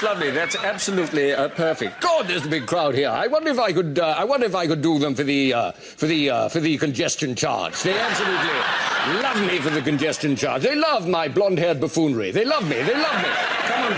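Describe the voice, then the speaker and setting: A man improvising voiceover impressions of posh, greedy, boastful British male politicians. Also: on the high side. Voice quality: plummy, blustering. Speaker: comedy panelist. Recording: noisy studio with audience laughter.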